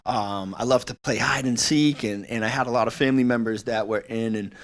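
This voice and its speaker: A man's voice: mid-range voice, brisk. Earnest Boston man, a Marine veteran. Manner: earnest, patriotic, many fillers. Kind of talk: interview statement.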